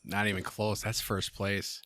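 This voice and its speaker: A man hosting a casual podcast, joking and animated, with salty language. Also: fairly low pitch, unhurried, no echo. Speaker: podcast host. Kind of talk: casual chat.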